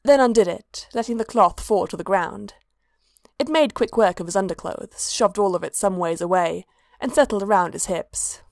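A woman narrating a story in a steady, even reading voice. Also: mid-range voice, moderate pace, vocal fry, no echo, studio quality.

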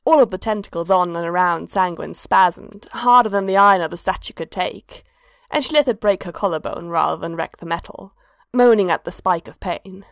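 A woman narrating a story in a steady, even reading voice. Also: lowish voice, normal speed, no echo, clean studio sound.

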